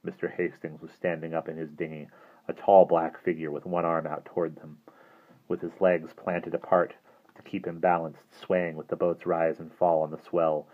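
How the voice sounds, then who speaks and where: Low voiced guy reading a book aloud, steady pace, tinny phone-like audio. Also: moderate pace. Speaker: audiobook reader. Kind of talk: audiobook narration.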